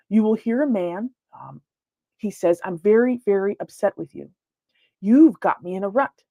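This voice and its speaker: A woman's voice: mid-range voice, a little mellow, no room sound. A woman giving a lecture as a paranormal investigator, talking casually with frequent fillers and restarts. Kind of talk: presentation lecture.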